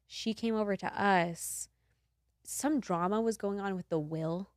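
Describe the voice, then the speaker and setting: A woman in her twenties, a podcast host, telling a story in casual chat, animated and laughing, acting out the quotes. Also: mid-range voice, moderate pace, dry recording, studio quality.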